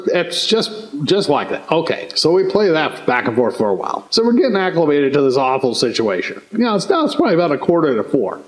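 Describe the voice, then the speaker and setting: A man from Colorado telling a story on a podcast in a casual way, acting out shouted lines and chuckling often, recorded in a large studio. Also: on the high side, fairly quick, poor audio. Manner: animated, acts out quoted yelling, chuckles often.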